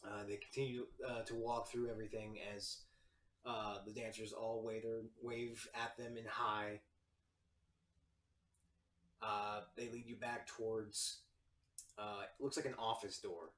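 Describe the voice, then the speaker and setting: Dude narrating his tabletop game, lotsa uhs, slow, roomy echo. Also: fairly low pitch, flat delivery, fairly bright tone. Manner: halting, many "uh" fillers. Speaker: game master. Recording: roomy, distant mic.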